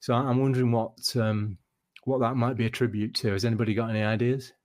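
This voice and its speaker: A man hosting a casual football podcast, wry and halting with many restarts. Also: mid-range voice, level tone, darkish tone, no echo. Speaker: podcast host.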